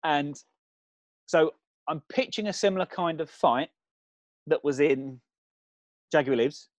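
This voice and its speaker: A man co-hosting a comedy chat, rambling through an absurd film pitch with lots of ums. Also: a little slow, no echo. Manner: rambling, builds absurd scenarios with fillers.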